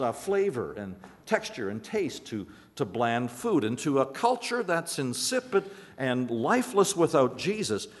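Man preaching in a reverberant church. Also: mid-range voice. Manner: conversational preaching with repeated restarts and emphatic pauses. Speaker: pastor. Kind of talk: sermon. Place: church sanctuary.

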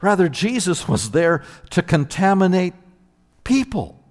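Guy preaching, lively up-and-down voice, lots of repeats, big echoey hall. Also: high voice, a little slow. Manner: animated, repeats words, emphatic. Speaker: pastor. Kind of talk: sermon. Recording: long hall reverb.

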